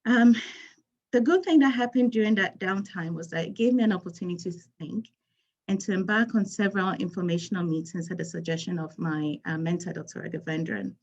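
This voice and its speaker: A woman's voice: on the low side, fairly quick, a little mellow, muffled recording. A woman from Ghana, a physician speaking on a panel, telling her story in an earnest, emphatic way. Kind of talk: panel talk.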